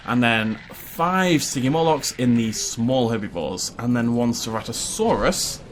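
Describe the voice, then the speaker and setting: A man's voice: mid-range voice, a little hiss or hum. A young man from Wales, hosting a casual let's-play, rambling and joking with frequent laughs. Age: young adult. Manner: rambling and jokey, laughs often. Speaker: gaming video host.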